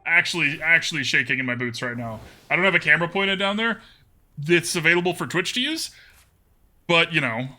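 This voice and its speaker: A man commentates his own card game on a live stream, talking casually and reading out chat. His voice sits a little high and very bright, and it bounces around with a lot of pitch movement. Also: lively intonation, fairly quick. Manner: chatty, answers chat, laughs often.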